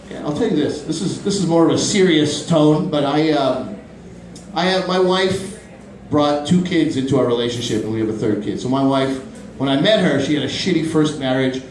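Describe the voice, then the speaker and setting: A man in his thirties doing a stand-up comedy set in a small club, animated and quick to jump into high-pitched voices for his bits. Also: a little hiss or hum. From Pakistani family, grew up in Canada. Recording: roomy club from a distant mic.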